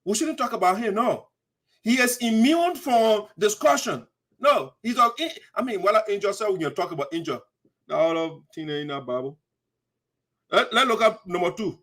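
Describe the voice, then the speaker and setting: A man's voice: high voice, expressive, moderate pace, fairly bright tone. A man with a Liberian English accent hosting heated political commentary, indignant and mocking. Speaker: host.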